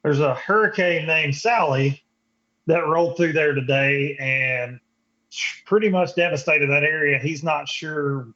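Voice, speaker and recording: A man chatting casually as a guest on a talk show, relaxed and quick to laugh. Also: fairly high pitch, highs cut off. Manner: laid-back, laughing easily. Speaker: guest, fellow show host. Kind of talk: casual chat on a call.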